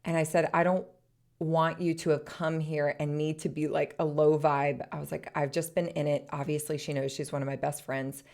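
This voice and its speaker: Brief: woman podcast host, low voice, chatty storyteller, quick to laugh. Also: little pitch movement, darkish tone. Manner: chatty, laughs often, many "like"s. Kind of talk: casual personal storytelling.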